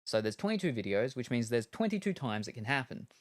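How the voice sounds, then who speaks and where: A man's voice: medium pitch, big pitch swings, fast talker, dry recording, clean studio sound. A male streamer in casual chat while gaming, rambling and joking with lots of ums and uhs. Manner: rambling and jokey, with many fillers.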